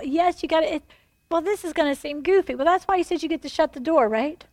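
High-voiced woman preaching with animated storytelling. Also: no room sound. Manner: animated storytelling, emphatic, acts out dialogue. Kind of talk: sermon.

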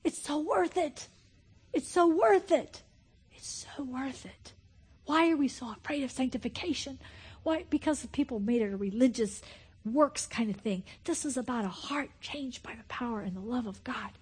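A high-voiced woman in her fifties delivers a sermon with a husky, breathy edge. She shifts from loud excited outbursts to near-whispered intimacy. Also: moderate pace. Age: 50s. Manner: swings from loud excited exclamation to hushed whispering, laughs often. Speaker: preacher.

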